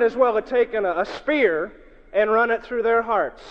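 A man preaching a sermon to a congregation, swinging from loud to hushed and acting out the people he quotes. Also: sits high, animated, normal speed. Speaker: pastor. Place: church hall. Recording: dull, echoey hall recording.

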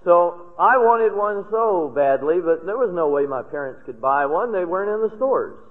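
A man's voice: sits high, expressive, moderate pace. An older man preaching a sermon, telling folksy personal stories and rising to emphatic stresses on key words. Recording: tinny lo-fi recording in a reverberant hall.

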